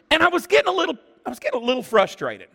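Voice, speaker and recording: A man preaching a sermon as pastor, animated and exclamatory, acting out what people say. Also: very high-pitched, quick pace, creaky, breathy edge. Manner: animated, exclamatory, acts out quotes. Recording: long church-hall reverb.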